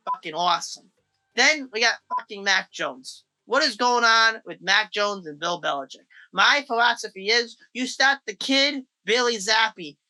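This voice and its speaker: A man hosting a sports betting podcast who rants in an excitable, profane way. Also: high-pitched. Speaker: podcast host. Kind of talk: casual sports talk.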